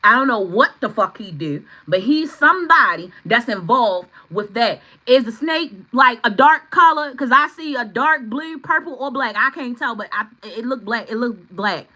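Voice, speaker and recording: A woman doing a live tarot reading, chatting with viewers, excitable and swearing freely. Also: on the high side, normal speed, hardly any pauses, rough recording. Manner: excitable, swearing, bursts into shouts. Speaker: tarot reader.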